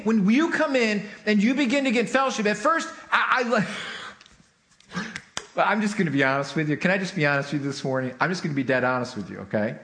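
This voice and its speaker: Man, pastor, sermon, high-pitched voice, chatty, asks for amens, echoey church. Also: fairly bright tone. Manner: conversational, calls for amens from the congregation. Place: church sanctuary.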